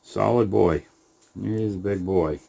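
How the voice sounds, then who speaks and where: A middle-aged man with a very low, deep voice talks slowly through a casual update on his rabbitry. He hesitates and restarts often, with plenty of fillers, and drops to a soft coo when he turns to the animals. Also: gravelly, breathy edge. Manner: unhurried and halting, with many fillers and restarts, cooing softly to the rabbits. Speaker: rabbit breeder.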